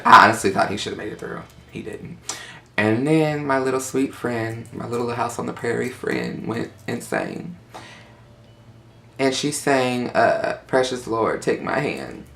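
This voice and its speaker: A young man telling a story in casual chat, sassy and animated, acting out quotes in high voices. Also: creaky.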